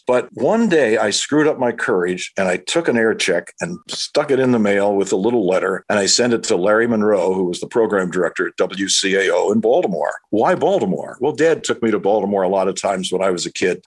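A man's voice: fairly low pitch, a little fast, few pauses, breathy edge. An older man, a radio broadcaster, telling career anecdotes casually and acting out the quoted voices. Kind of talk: casual storytelling.

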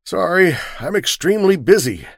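A man's voice: high-pitched, sing-song, moderate pace, creaky, slightly rough, no room sound, clean studio sound, voice pushed up, heavily acted. A man voicing a brusque, impatient male executive in a dramatic story reading, with clipped, curt speech.

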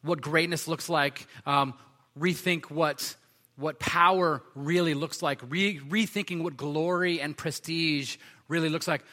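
A man's voice: a little high, bright, forceful tone, long reverb tail. A man preaching a sermon in a conversational way, with frequent fillers and restarts.

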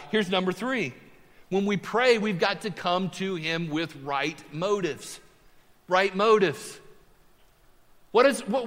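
High, bright-voiced preacher man. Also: in a large hall. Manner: animated preaching, voice rising for emphasis. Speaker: pastor. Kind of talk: sermon. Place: church sanctuary.

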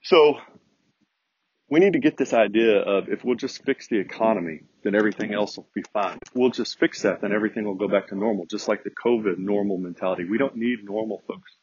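A man talks through his podcast in an earnest, preachy monologue, calling his listeners folks. His voice sits low and a little husky. The audio is dry and a touch muffled. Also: brisk, a little mellow, no echo. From United States. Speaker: podcast host. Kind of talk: conservative opinion podcast monologue.

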